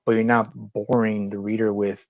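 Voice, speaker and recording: A man's voice: on the low side, level tone, moderate pace, darkish tone, no echo, dull audio. A man co-hosting a casual podcast, talking in long rambling opinionated runs with many restarts. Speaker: podcast co-host. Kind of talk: casual chat.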